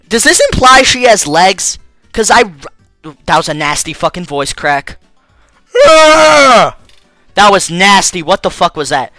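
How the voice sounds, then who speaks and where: A young man hosting a game playthrough, his bright, high voice swinging up and down as he tosses out slangy, crude jokes. He's close to the mic in a dry space with faint music under him. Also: no echo. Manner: joking, slangy, crude asides. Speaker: let's play host. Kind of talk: casual gameplay commentary.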